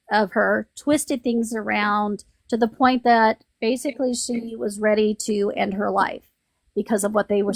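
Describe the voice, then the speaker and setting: A woman's voice: medium pitch, creaky, no room sound. A woman hosting a livestream, venting in a rambling, frustrated way with many restarts. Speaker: livestream host. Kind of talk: casual live-stream venting.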